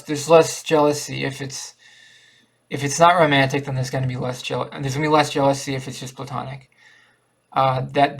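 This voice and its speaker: A man vlogging in an earnest, repetitive monologue, often pausing and restarting. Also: medium pitch, creaky. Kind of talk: rambling personal monologue.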